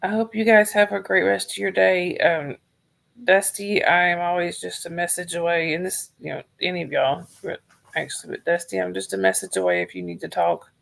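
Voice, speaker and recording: A woman from Georgia, chatting softly and rambling on a livestream while losing her voice. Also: on the low side, steady tone, fairly quick, gravelly. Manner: soft-spoken, rambling, talks to chat viewers by name. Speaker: livestream host. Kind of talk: casual livestream chat.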